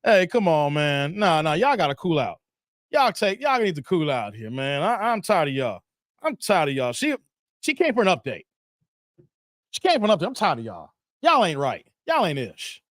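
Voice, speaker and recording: A man with a high, lively voice hosts a casual live stream. He reads chat comments in a teasing, playfully exasperated way. The sound is dry and close. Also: normal speed, dry recording.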